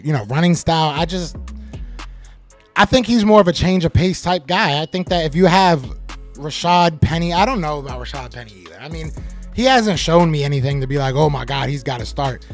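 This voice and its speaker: Guy hosting a live sports stream, fairly high voice, fired up and trash-talking the chat, faint music behind. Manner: animated, trash-talking, reacts to chat comments. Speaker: sports podcast host.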